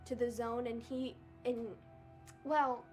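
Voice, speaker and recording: An actress telling a personal story in a documentary interview, soft-spoken and hesitant. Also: female voice, fairly high pitch, little pitch movement, slow pace, music in the background.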